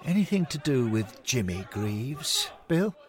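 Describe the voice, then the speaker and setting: A man's voice: mid-range voice, very animated, unhurried, some chatter behind, pitched above the performer's own voice. A man voicing an enthusiastic older male ghost who speaks eagerly and exclaims often. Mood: curious. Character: warm-hearted old male ghost, enthusiastic old friend.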